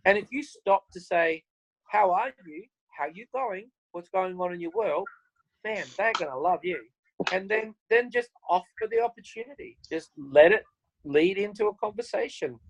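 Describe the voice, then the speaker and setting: A man's voice: high-pitched, normal speed, no echo, rough recording. An Australian man speaking on a video call, telling stories in an upbeat way and acting out conversations. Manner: upbeat, animated, acts out conversations. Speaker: guest speaker. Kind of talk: motivational storytelling on a video call.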